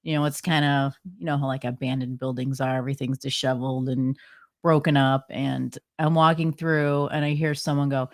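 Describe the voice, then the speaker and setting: A woman's voice: very deep voice, flat delivery, moderate pace. A woman co-hosting a podcast, telling her stories in a chatty way with lots of fillers and laughs. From New Jersey. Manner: chatty storyteller, laughs often, many "like" fillers. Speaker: co-host, paranormal investigator. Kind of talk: casual podcast chat.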